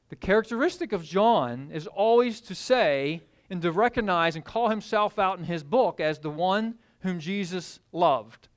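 A man delivers a sermon, retelling a story with lots of animation. His voice sits high and swoops widely in pitch. He acts out scenes as he goes. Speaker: pastor.

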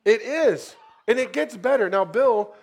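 A middle-aged man, a missionary pastor, telling a story in a sermon, lively and swinging into louder bursts. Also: extremely high pitch, unhurried, creaky.

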